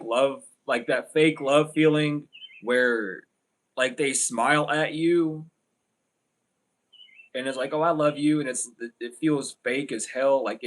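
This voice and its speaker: A man's voice: medium pitch, fairly bright tone. A man giving a casual livestream tarot reading, rambling and blunt, with lots of fillers. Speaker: tarot reader.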